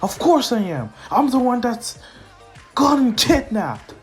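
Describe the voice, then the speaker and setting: Brief: man doing a hot-tempered teen boy rival, yells high and loud, upbeat music faintly behind. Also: moderate pace, gravelly, breathy edge, heavily acted. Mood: anguished. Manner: yelling, frustrated. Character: angry teenage boy, hot-headed hero rival.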